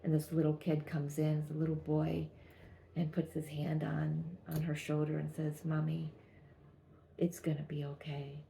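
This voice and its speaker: A woman with a low, gravelly voice reads tarot cards in a gentle, halting way, often restarting her sentences. Her delivery stays flat and even, with a mellow, dark tone. Faint noise sits behind her. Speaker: tarot reader. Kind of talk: channeled tarot reading.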